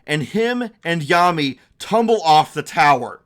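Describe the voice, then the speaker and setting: A young man narrating a live-streamed tabletop game as game master, chatty with quick asides. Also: a little high, big pitch swings, a bit bright. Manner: chatty, quick asides, laughs at own jokes.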